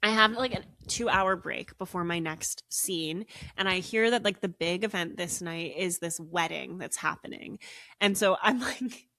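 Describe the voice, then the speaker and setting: A woman's voice: lowish voice, normal speed, no echo, studio quality. A young woman hosting a podcast, telling a long story in casual chat with lots of "like" fillers. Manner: animated, frequent "like" fillers. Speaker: podcast co-host.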